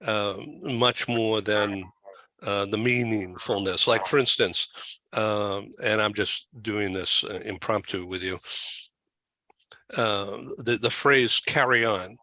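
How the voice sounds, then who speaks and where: A man hosting an interview, asking questions in a halting way with many fillers and restarts. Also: fairly low pitch, steady tone, pushed and bright, poor audio. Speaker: talk show host.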